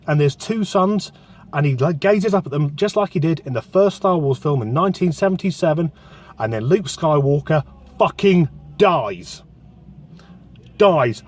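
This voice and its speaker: Sweary man, fairly high voice. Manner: sweary, excitable storytelling. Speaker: film reviewer. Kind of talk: casual spoken film review. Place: inside a parked car.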